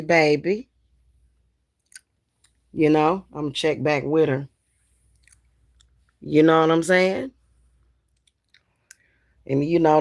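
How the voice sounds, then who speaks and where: Slow-talking woman in slangy, profane chat. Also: on the low side. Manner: slangy, loose and profane, laughs often. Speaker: spiritual reader and spellworker. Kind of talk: casual livestream chat.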